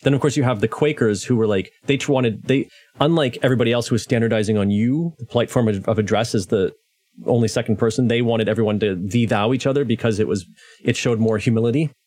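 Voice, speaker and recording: A man's voice: medium pitch, quick pace, darkish tone, no room sound. A man in a casual book discussion, chatty and questioning, with stammering restarts. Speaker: podcast co-host.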